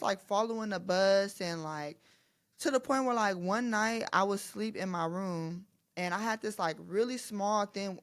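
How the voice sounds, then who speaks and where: Lower-voiced young woman telling her story. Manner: candid, conversational, addresses listeners as y'all. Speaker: podcast host. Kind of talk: solo personal storytelling.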